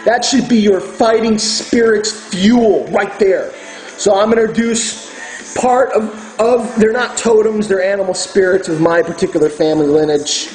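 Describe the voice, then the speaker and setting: A man's voice: high-pitched, steady tone, normal speed, darkish tone, faint music behind, low-quality recording. A man delivering a furious, profane ranting monologue as host of his own video channel, preaching to his viewers.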